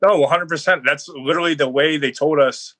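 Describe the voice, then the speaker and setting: Bright, chatty young man. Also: fairly high pitch, a little fast, dry recording, low-quality recording. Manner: rambling, heavy on "like" fillers, animated storytelling. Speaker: guest football player. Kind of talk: casual podcast interview.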